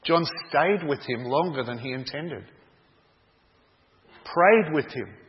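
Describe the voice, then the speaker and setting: A male preacher tells a story in a sermon, speaking slowly and deliberately with a somewhat high voice. His delivery is dramatic, and the sound is dull with a long hall echo. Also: expressive.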